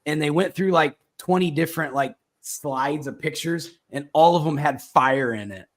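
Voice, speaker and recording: A man with a slightly higher voice hosts a loose political talk show. He rambles and restarts his sentences often, leaning on fillers as he goes. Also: moderate pace. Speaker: podcast host. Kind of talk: casual political chat.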